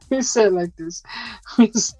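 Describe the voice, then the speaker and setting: A woman's voice: mid-range voice, darkish tone, dry recording, poor audio. A woman hosting a casual live chat from her home kitchen, chatty and teasing, laughing often as she reads viewer comments. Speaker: host of a live chat stream.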